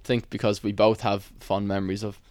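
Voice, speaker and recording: Flat, fast-talking man. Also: lowish voice, dry recording. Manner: enthusiastic, swears casually. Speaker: band member guest. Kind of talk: casual chat.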